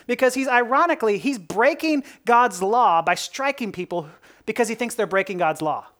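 A woman preacher giving a sermon in a conversational, animated way, asking rhetorical questions and laughing at her own jokes. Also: fairly high pitch, moderate pace.

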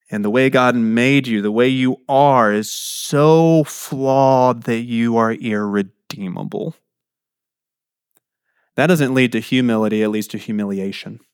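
A man's voice: medium pitch, measured pace, smooth, no echo, studio quality. A middle-aged man preaching a sermon in a conversational way, often asking his listeners questions. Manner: conversational, asks the audience questions.

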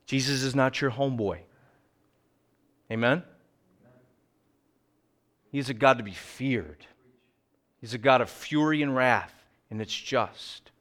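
A middle-aged man preaching a sermon as pastor, earnest, sometimes dropping low and quiet for emphasis, sometimes telling lively stories. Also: slow, long pauses. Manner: animated storytelling with acted quotes.

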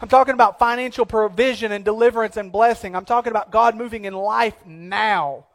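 A man preaching a sermon as pastor, moving between hushed, low passages and emphatic, repeated declarations. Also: fairly quick.

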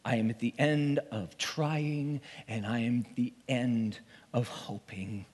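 Man, pastor, dramatic sermon, slow, long reverb, emotional, pleading. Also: medium pitch, fairly even intonation. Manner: emotional, swings from pleading to hushed whispers. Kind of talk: first-person dramatic sermon monologue. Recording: long reverb of a large hall.

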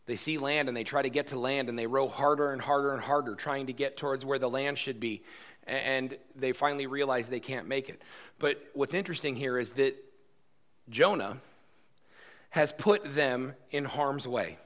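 A man's voice: mid-range voice, steady tone, a little fast, fairly bright tone. A man preaching a sermon as pastor, emphatic and conversational, acting out quoted lines.

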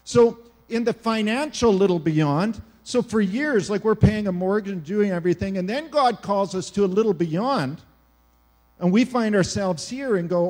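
A middle-aged man from Canada preaches a sermon in a fairly high voice. His delivery is animated, pushing some lines out loudly and dropping others to a near hush. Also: moderate pace. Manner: animated preaching, swings between loud emphasis and hushed quiet. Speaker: pastor.

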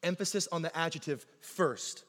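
A man preaching a sermon in a church, telling stories in a lively, conversational way and often asking "right?". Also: a little high, moderate pace. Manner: animated conversational storytelling, keeps asking "right?". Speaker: pastor. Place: church sanctuary. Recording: long hall reverb in a church.

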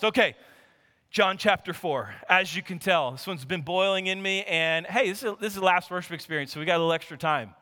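A pastor preaching a sermon with animated delivery, acting out the lines of Bible characters as he tells the story. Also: sits high, brisk. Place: church sanctuary. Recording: long hall reverb.

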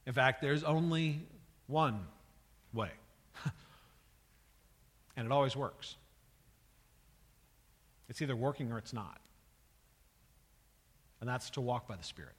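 A man's voice: medium pitch, takes it slowly, long pauses, slightly rough, long reverb tail. A male pastor preaching a sermon with an emphatic manner, often repeating words and building in intensity.

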